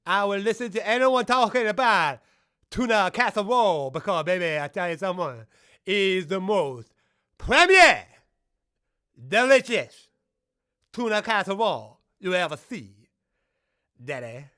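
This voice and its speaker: A slick lounge lizard croons and drawls, as a man puts him on, his pitch swooping around. The tone is bright and forward. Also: animated, unhurried, long pauses, smooth, heavily acted. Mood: smooth. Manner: drawling, calls listener baby.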